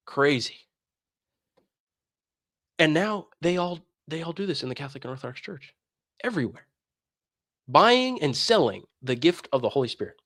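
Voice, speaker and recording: A man's voice: on the high side, sing-song, normal speed, long pauses, a bit bright, dry recording, clean studio sound. A man streaming a casual commentary rant in a sarcastic, mocking manner.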